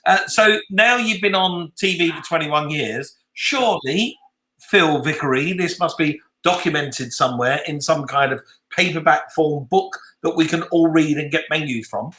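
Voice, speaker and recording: A man hosting a relaxed interview, his voice bright and forward. He sits a little high in pitch and jumps in with eager, affirming replies. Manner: enthusiastic, quick to affirm. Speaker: host. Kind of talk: casual interview chat.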